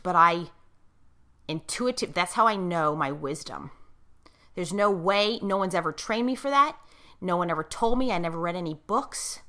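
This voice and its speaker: A woman's voice: on the low side, bright, forceful tone. A middle-aged woman in casual conversation, talking like a coach with emphasis and checking in with her listener, and getting choked up as she tells a personal story. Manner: gets choked up while telling a moving story.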